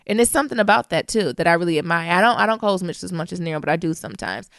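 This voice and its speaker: A woman's voice: lowish voice, lively intonation, very fast, fairly bright tone, no room sound, clean studio sound. A woman with a Midwestern Southern twang co-hosting a podcast, talking bluntly and animatedly in casual chat and laughing often. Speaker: podcast co-host.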